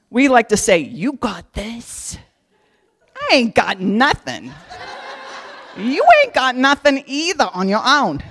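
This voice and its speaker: A woman giving a casual devotional Bible teaching in a folksy, humorous way, talking straight to her listeners. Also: fairly high pitch.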